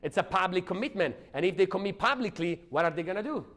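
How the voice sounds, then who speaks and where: A man giving an energetic, emphatic sales training talk, often asking the audience questions. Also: high-pitched, fast talker.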